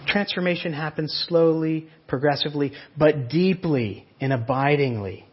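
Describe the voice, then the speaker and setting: A man's voice: a little high, moderate pace, husky, muffled recording. A man preaching a sermon, earnestly explaining and retelling a story. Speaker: pastor.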